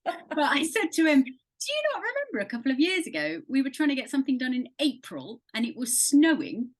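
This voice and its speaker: A woman's voice: high-pitched, sing-song, a little fast. A British woman presenting weather in casual chat, explaining things in a playful way and laughing a lot. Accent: British English.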